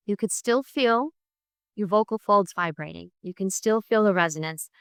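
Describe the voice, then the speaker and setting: A middle-aged woman, a music therapy professor, giving an online lecture with vocal exercises in a clear, patient way, often checking in with "right?" and "okay?". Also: medium pitch, normal speed, fairly bright tone, no echo, clean studio sound. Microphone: computer mic on a video call.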